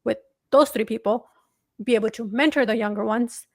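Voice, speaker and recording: A woman hosting a sports show, with a slightly high voice. She talks with feeling and stresses her points, often in loose fragments. The sound is dry and close. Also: a little fast, darkish tone, no room sound. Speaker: podcast host. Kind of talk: casual sports talk.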